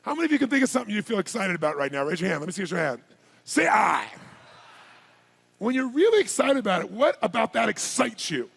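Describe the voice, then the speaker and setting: A man giving a live seminar address as a motivational speaker, firing rapid questions and commands at the audience. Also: high-pitched, sing-song, a bit bright. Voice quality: gravelly, husky voice.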